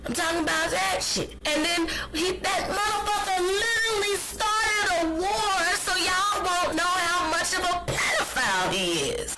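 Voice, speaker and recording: A woman's voice: very high-pitched, animated, measured pace, few pauses, bright, forceful tone, faint music behind, poor audio. A woman hosting a solo podcast, ranting with passion and plenty of profanity. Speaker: podcast host.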